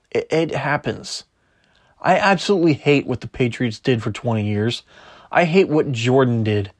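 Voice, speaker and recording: Male podcast host, mid-pitch, opinionated sports talk that argues with itself.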